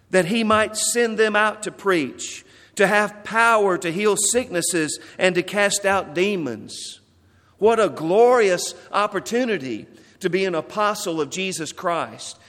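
A male pastor delivers a sermon at an unhurried, deliberate pace, leaning on repeated phrases to drive his points home. His voice sits a little high for a man. It rings out with the long reverb of a church sanctuary. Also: animated, fairly bright tone. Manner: slow, deliberate preaching with repeated emphasis.

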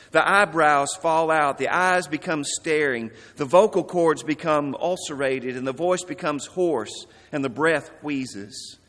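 A man preaching a sermon in an earnest, emphatic way, letting his voice sink low at key words. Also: a bit bright. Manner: earnest, emphatic, dramatic drops in volume. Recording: long reverb of a large hall.

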